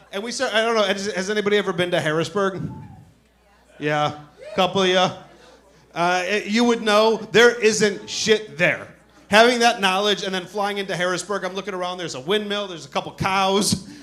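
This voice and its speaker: High-voiced man doing stand-up. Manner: animated storytelling, acting out other voices. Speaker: stand-up comedian. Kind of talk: stand-up comedy set. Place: comedy club stage. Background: audience laughter.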